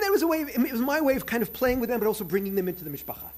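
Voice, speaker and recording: A man's voice: extremely high pitch, very fast, few pauses. An older man from New York with a New York accent, giving a humorous storytelling lecture as a professor at a conference. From United States. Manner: animated, humorous, wry asides.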